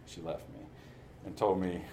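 A man's voice: low-pitched, fairly even intonation, normal speed, background noise. A man sharing his recovery story in a candid testimony, telling it with self-mocking humor and frequent laughter. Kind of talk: personal testimony talk.

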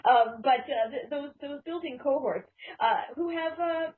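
A woman's voice: high voice, unhurried, a little hiss or hum. A woman co-hosting a casual chat, playful and wordy, laughing often. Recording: tinny phone-like sound.

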